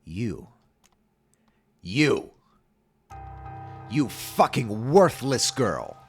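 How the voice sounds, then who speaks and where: A man's voice: low voice, sing-song, measured pace, creaky, faint music behind, heavily acted. Man voicing a furious screaming mother. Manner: screaming, cold and cruel. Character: harsh furious mother, middle-aged woman.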